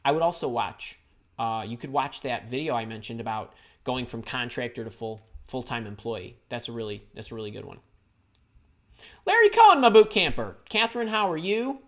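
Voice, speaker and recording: A man in his fifties hosting a live career advice stream, answering viewer questions in an energetic, chatty way full of jokes and asides. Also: mid-range voice, brisk. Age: 50s.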